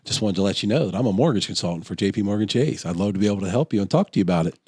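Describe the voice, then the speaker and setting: Lively, low-voiced man telling stories. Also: very fast, breathy edge, no room sound, clean studio sound. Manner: animated storyteller, acts out voices in anecdotes. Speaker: podcast co-host. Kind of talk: casual storytelling chat.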